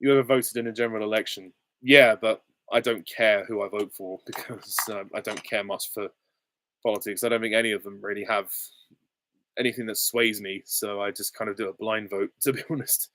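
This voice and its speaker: A man's voice: fairly low pitch, steady tone, fairly quick, a bit bright, no echo. Easygoing, chuckling young man on a live Q&A. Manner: easygoing and chuckling, with short, offhand answers. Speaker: channel host. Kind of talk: casual live Q&A, reading out chat questions.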